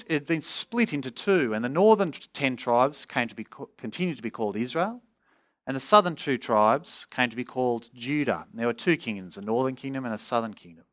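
Male preacher, earnest expository sermon, mid-pitched voice, lifts into pleading questions. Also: fairly bright tone. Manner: earnest, rising with voiced pleas.

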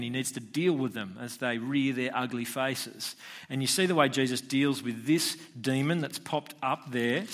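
A pastor with a medium-pitched, slightly bright voice delivers a conversational sermon, peppering it with rhetorical questions.

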